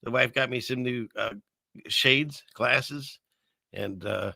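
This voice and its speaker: An older man chats on his live stream in a gravelly voice with plenty of fry. His tone is sharp and bright, and the sound is close and dry. He rambles, pokes fun at himself and restarts his sentences often. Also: medium pitch, slow pace, no echo. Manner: rambling, self-mocking, lots of fillers and restarts. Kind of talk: casual live stream chat. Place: small upstairs room above a fireplace.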